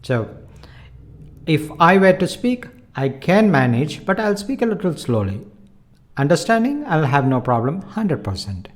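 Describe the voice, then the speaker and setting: A man teaching a language lesson online, explaining in a measured, earnest way and using simple analogies. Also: a little high, sing-song.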